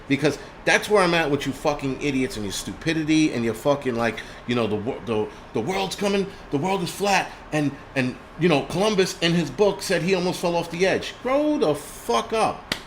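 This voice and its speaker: A man's voice: fairly high pitch, lively intonation, brisk, few pauses, slight background noise. Furious profane man ranting on a livestream. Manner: angry, profane, with frequent restarts and stammering. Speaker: host. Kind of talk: livestream rant.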